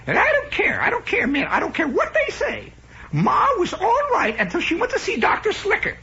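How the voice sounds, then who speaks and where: Man doing a shrill, overbearing old aunt who distrusts doctors; high, swooping, on a dull old radio broadcast. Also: wildly swooping pitch, moderate pace, gravelly, pushed and bright, heavily acted. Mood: indignant. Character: shrill bossy older aunt, gossiping.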